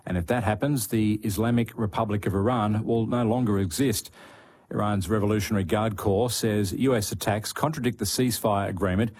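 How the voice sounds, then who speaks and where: Husky low-voiced male newsreader. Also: steady tone, fairly quick, darkish tone. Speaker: news presenter. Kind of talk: scripted news reading.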